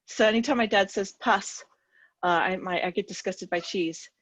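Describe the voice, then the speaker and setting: A woman telling an animated story on a coaching call and acting out the dialogue. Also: medium pitch, moderate pace, dry recording, lo-fi sound. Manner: animated, laughing at herself, acts out dialogue. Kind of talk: casual storytelling on a group call. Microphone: video call.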